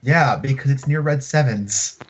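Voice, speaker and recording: A man's voice: mid-range voice, measured pace. A man playing a tabletop game, chatting in a dry, laid-back way. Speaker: player. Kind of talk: casual chat during a tabletop game. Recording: dull lo-fi recording.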